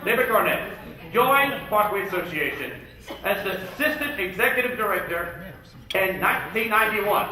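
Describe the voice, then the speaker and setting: A man working as a comic emcee at a luncheon, firing off rapid jokes and slipping in and out of impressions. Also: high voice, bright, forceful tone. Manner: rapid-fire jokes and impressions, jumping in and out of voices. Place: luncheon event hall. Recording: echoey hall, far from the mic.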